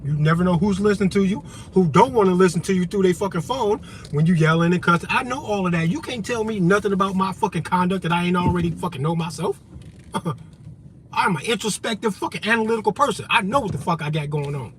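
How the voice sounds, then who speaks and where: A man vlogging an impassioned, profane political rant to the camera, loud and emphatic, with a faint vehicle rumble behind him. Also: quick pace.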